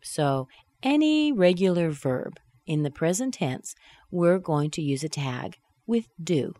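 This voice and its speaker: A woman leads a pronunciation drill, voicing each short phrase slowly and with exaggerated care so every linking sound is clear. Her pitch swings widely from rise to fall as she models the intonation. The sound is close and dry, with no room around it. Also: very animated, warm tone, no room sound. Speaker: English pronunciation teacher. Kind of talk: slow, deliberate pronunciation drill.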